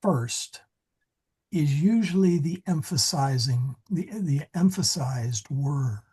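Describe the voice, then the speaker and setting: Man, teacher, husky breathy voice, slow delivery, digressive. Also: fairly high pitch, expressive, warm tone. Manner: digressive, self-correcting. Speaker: Latin teacher. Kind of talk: classroom lesson. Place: church meeting room.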